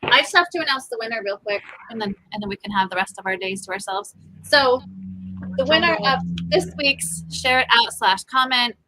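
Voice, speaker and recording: A woman's voice: on the high side, animated, a little fast, bright, forceful tone, a little hiss or hum, poor audio. A woman hosting a podcast in casual, upbeat chat, laughing easily. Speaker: podcast host.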